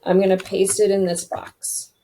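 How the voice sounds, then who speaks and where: A woman's voice: mid-range voice, completely flat delivery, moderate pace, dark tone. Chatty woman talking through a screen tutorial. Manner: chatty, thinks aloud while clicking. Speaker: web design tutorial host. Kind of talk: casual screen-recorded tutorial.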